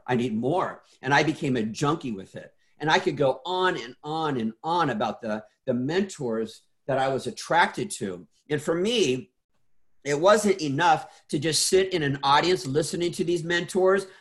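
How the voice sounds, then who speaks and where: Middle-aged male guest, earnest storyteller, a bit high-pitched, trips over repeats. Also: animated, moderate pace, a bit bright. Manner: earnest, repeats words, many restarts. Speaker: interview guest. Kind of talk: casual interview storytelling.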